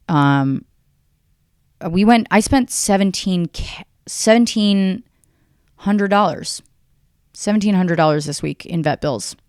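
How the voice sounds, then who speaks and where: Low-pitched lady ranting solo on her podcast, deadpan and sweary, dry close sound. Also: clean tone, no echo. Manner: deadpan, profane, rambling. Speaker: podcast host. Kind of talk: solo comedic rant.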